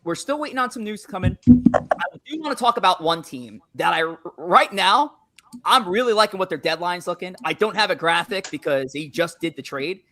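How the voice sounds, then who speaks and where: A man's voice: high voice, lively intonation, normal speed, pushed and bright. A man hosting a live sports stream, reading out news updates in an upbeat, chatty way. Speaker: stream host.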